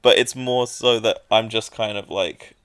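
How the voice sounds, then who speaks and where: A man talks casually on a podcast, stopping and restarting with plenty of fillers. His voice is smooth and resonant, and it sits close and dry on the mic. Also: fairly low pitch, steady tone, fairly bright tone, no echo. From England. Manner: halting, full of fillers and restarts. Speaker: podcast co-host. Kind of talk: casual chat.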